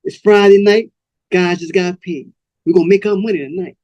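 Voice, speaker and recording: A man doing a cold smooth pimp. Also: sits high, normal speed, darkish tone, no room sound, muffled recording. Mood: cool menacing.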